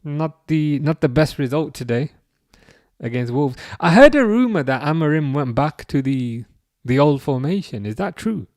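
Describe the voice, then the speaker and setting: A man hosts a football watch-along live stream, chatting loosely and answering viewer comments as he goes. His voice is on the high side, animated and a little mellow, at normal speed. The recording is dry and studio quality, and his talk rambles with frequent restarts.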